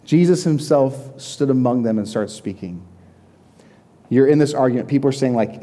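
Mellow-voiced young man preaching casually. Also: medium pitch, normal speed. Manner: conversational, vivid storytelling with frequent "like". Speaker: pastor. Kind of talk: sermon.

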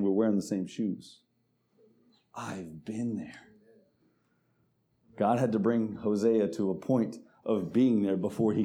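Preacher, male, lowish dark tone, emphatic sermon delivery. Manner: preaches to the congregation, reads scripture slowly with emphasis. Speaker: pastor.

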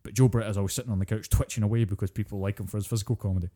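Man, Scottish accent, podcast co-host, sweary rant, very dark tone. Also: fairly low pitch, racing. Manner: ranting, sweary, animated. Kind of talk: casual podcast chat.

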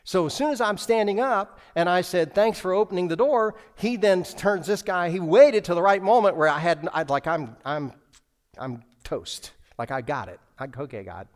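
Pastor guy telling a story in a sermon, kinda high voice, lots of restarts, acts out the dialogue. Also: moderate pace. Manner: animated storytelling with many restarts and acted-out dialogue.

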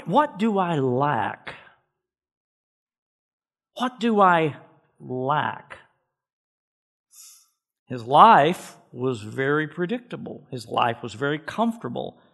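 Male pastor, emphatic sermon delivery, somewhat high-pitched voice, repeats words for weight. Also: a bit bright. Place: church.

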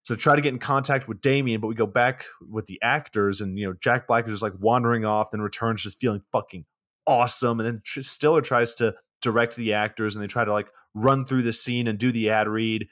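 A man's voice: fairly low pitch, steady tone, brisk, a bit bright. A man in his twenties co-hosting a podcast, casually recapping a film's plot with plenty of swearing and filler words. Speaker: podcast co-host.

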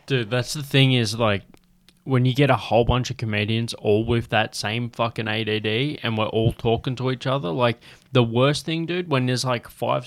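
A young Australian man hosting a podcast, chatting in an easygoing, rambling and sweary way. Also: medium pitch. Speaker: podcast host, comedy gig organiser. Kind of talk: casual chat.

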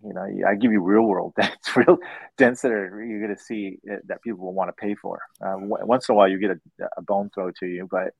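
A man's voice: on the low side, steady tone, fairly quick, gravelly, a little mellow, breathy edge, no echo. A man hosting a casual podcast chat who rambles, repeats words and laughs easily. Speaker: host and dent repair trainer. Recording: dull, dry lo-fi sound.

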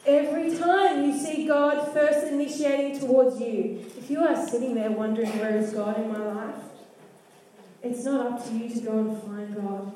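A woman's voice: on the high side, steady tone, moderate pace, dark tone, slight background noise. A woman preaching a sermon, asking the congregation questions and acting out lines of scripture. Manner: interactive, asks the congregation questions; acts out quoted lines of scripture. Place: church hall. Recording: echoey hall, mic far off.

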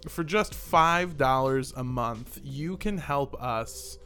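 A man's voice: mid-range voice, slow, few pauses, pushed and bright, faint music behind. A man hosting a podcast in casual, joking banter, reading listener reviews aloud. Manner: playful, jokey, reads listener reviews aloud. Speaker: podcast host.

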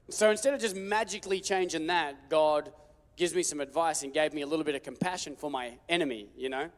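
A man preaching a sermon, telling a story with lively jokes and acted-out voices. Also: fairly high pitch, a little fast. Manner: animated, joking storytelling with acted-out quotes. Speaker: pastor. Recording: long hall reverb.

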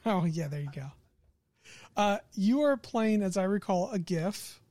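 A man's voice: high-pitched, animated, slow pace, darkish tone, dry recording. A man hosting a casual session zero for a tabletop game, joking and laughing often and slipping into silly accents, recorded on a close home mic. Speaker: game master.

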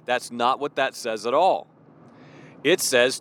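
A man's voice: mid-range voice, lively intonation, takes it slowly, bright, forceful tone, dry recording. A man preaching an informal devotional sermon, emphatic and repetitive, with casual fillers between his points. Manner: emphatic, repeats key phrases, casual fillers.

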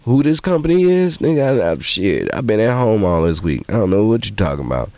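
Male podcast host, low voice, dry close sound, profane animated storyteller with sudden high-pitched quotes. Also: fairly quick, no room sound. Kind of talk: casual monologue.

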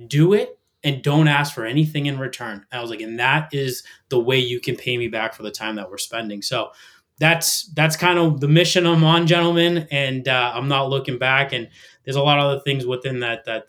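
A middle-aged man talking as a podcast guest, energetic and emphatic, with a motivational push in his talk. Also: mid-range voice, brisk. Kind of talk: casual podcast conversation.

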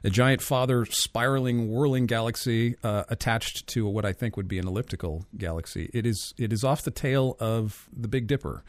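A man hosting a casual conversation, chatty and quick to laugh, with frequent fillers. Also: medium pitch, no room sound. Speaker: host. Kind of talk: casual chat about astronomy.

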